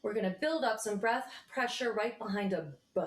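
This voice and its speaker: A woman teaching a choir vocal warm-up, reassuring singers as she explains each exercise. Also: mid-range voice, normal speed, echoey room. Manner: relaxed, reassuring coaching with sung demonstrations.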